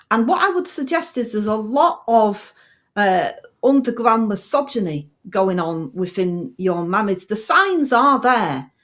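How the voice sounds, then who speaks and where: A woman's voice: medium pitch, a bit bright. A woman putting on a brash, blunt middle-aged female politician, for a comedy radio bit. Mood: solemn mock-sincere. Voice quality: blunt, matter-of-fact, breezy slang.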